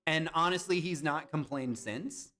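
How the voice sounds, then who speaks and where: A man's voice: on the high side, a little slow, faint music behind. A young man streamer chatting casually and reacting to viewers' comments while playing browser games. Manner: animated, chatty, reads and answers chat. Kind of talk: casual live-stream chat.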